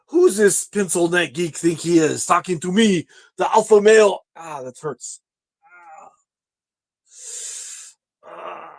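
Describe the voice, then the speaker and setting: A man's voice: high voice, pitched above the performer's own voice, rough recording. A man playing a boastful, paranoid vagrant who calls himself the alpha male, in a pompous, self-pitying sketch voice. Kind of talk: comedy sketch video.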